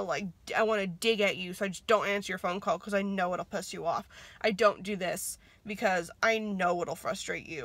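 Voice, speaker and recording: Bright-voiced young woman vlogging candidly. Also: mid-range voice, no echo. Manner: candid, swears freely, laughs at herself. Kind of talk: reflective casual talk to camera.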